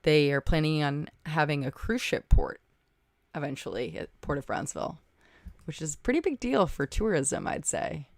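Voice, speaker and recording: Chatting at a normal pace in a low, sing-song voice, a woman runs a casual livestream where she reads viewer comments, thinks aloud, and thanks people by name. There's no room sound.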